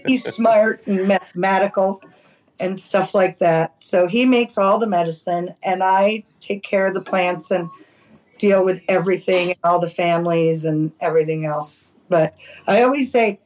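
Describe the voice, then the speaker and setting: A middle-aged woman from New York City, a cannabis farmer telling stories in a chatty, animated way as a podcast guest. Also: fairly low pitch, measured pace, poor audio. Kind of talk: casual storytelling.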